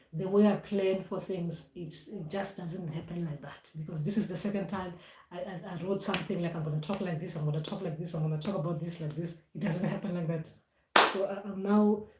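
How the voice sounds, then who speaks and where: A woman's voice: mid-range voice, a little mellow. A woman hosting a casual spiritual talk, rambling and restarting her sentences with many fillers as she searches for her notes. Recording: echoey room with faint noise.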